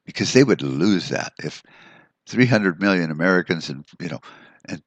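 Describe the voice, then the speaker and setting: Very deep-voiced man ranting on a podcast. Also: animated, normal speed, no room sound. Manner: profane, rambling, with many restarts. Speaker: podcast host. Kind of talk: ranting solo podcast monologue.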